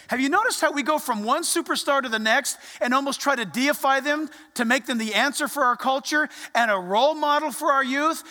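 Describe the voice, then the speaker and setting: A pastor preaching a sermon in a church, animated, acting out voices and dropping to quiet asides. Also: high-pitched, long reverb tail.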